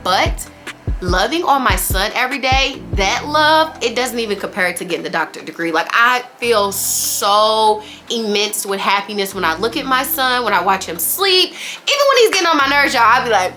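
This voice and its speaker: A woman's voice: on the high side, animated, moderate pace, over music. A young woman, a new mother, chatting candidly to camera about parenting in a casual vlog. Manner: chatty and candid, says y'all, girl and you guys often. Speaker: vlogger. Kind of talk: casual sit-down chat to camera.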